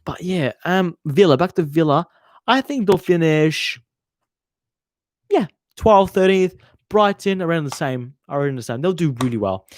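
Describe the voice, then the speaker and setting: Reading out viewer comments on his relaxed football livestream, a young male host rambles, cusses without restraint, and leaves sentences unfinished. He speaks a little high, expressively and at a measured pace, with no echo in the sound.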